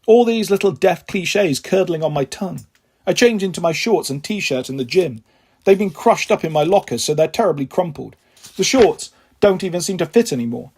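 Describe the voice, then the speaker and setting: A man reads a children's novel aloud, telling it steadily in the first person. His voice is husky and breathy and sits high for a man. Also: a little mellow. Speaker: audiobook reader.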